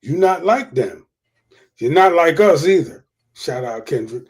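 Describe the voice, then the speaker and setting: A man's voice: on the high side, lively intonation, measured pace. A man hosting a livestream of casual political commentary, profane and repeating his points for emphasis. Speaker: livestream host.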